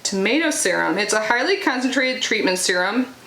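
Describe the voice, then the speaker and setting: This unboxing vlogger, a young woman, speaks briskly and expressively in a fairly high, pushed, bright voice. Her casual chat is full of filler words as she reads the product blurbs aloud, captured in an echoey room with faint noise.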